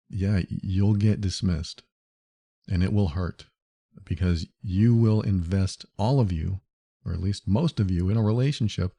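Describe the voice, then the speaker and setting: A man's voice: on the low side, dark tone. A man hosting a solo advice podcast, speaking in an earnest, reassuring way and repeating key points for emphasis. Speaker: podcast host.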